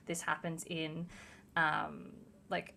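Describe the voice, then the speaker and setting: A woman's voice: low-pitched, takes it slowly, creaky. Young woman co-host, earnest casual talker, slight background noise. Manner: earnest, animated, lots of "like". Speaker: podcast co-host. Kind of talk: casual chat.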